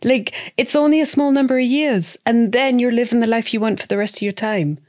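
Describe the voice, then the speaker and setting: A woman's voice: fairly high pitch, fairly quick, a little mellow. A woman in her forties, a guest entrepreneur chatting expressively in a podcast interview, sprinkling in endearments.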